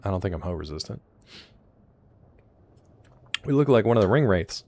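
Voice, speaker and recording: A man with a very low, deep voice chats through a live game stream. He jokes, reacts aloud to what happens on screen and talks straight to his chat in a loose, casual way. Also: expressive, normal speed, long pauses, a little mellow, no room sound. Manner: chatty and joking, reacting aloud and talking to chat. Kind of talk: casual live gameplay commentary.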